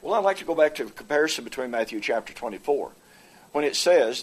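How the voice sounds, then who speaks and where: Debater, male, mid-pitched, argues point by point and stumbles over fillers often. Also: lively intonation. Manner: halting, frequent "uh" fillers and restarts. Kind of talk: formal theological debate presentation. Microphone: presenter with projected notes.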